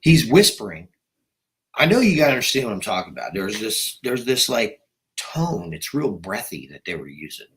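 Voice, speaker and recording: A man's voice: on the low side, big pitch swings, moderate pace, fairly bright tone, low-quality recording. A male researcher explaining things in casual chat, using fillers like "you know" and "like". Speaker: co-researcher guest.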